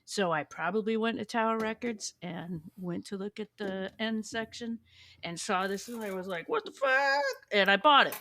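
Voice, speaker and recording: A woman hosts a podcast and chats enthusiastically about a favorite band, swearing freely and often restarting her sentences. Her voice is medium-pitched and fairly bright, at a moderate pace, with a little hiss or hum in the recording.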